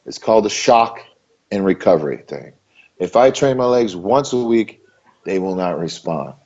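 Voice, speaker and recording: Speaking low with lively intonation and a darkish tone, a bodybuilder from Maryland chats casually in an interview at normal speed. He leans on repetition for emphasis, keeping things loose and conversational, while the audio has its highs cut off.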